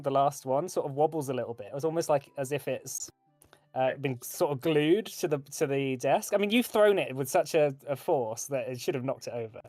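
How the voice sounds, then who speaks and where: Man, game master, relaxed and halting delivery, warm dark tone, dry mic. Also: on the high side, no room sound. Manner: relaxed, hesitant, many fillers. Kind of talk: narrating a tabletop game.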